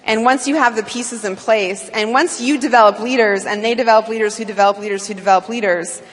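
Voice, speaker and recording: A woman from Canada giving a talk to an audience, animated and full of fillers. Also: fairly high pitch, fast. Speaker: business speaker. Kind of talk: speech to an audience. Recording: long hall reverb.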